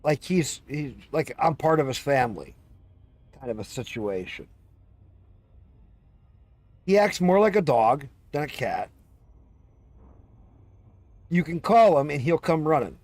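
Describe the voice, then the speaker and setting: A man's voice: fairly high pitch, expressive, unhurried, pauses often, a little mellow, no room sound. A man streaming live, chatting casually and telling long rambling stories about his pets, swearing freely and slipping into little meows. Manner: rambling, swears freely, breaks into cat and dog impressions. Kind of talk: casual chat.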